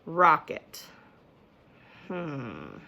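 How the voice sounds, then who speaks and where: A young woman gives a video phonics lesson to small children, sounding words out with patience. Her voice is bright and clear and sits a little low. She takes her time, speaking slowly into a camera mic at home. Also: sing-song. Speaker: teacher.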